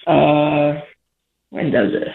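A man's voice: a little high, fairly even intonation, drawn-out words, gravelly. A teenage boy calling into a radio show, giving short, hesitant answers. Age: teens. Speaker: caller. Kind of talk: phone call to radio show. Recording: tinny phone line.

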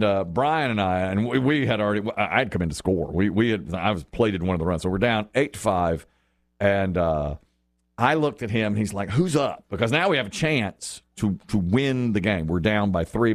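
A man hosting a casual sports chat show, telling stories with lively acted-out quotes and frequent laughter. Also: on the low side, fairly quick, no echo, studio quality. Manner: animated storyteller, acts out quotes, laughs often. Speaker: sports talk host.

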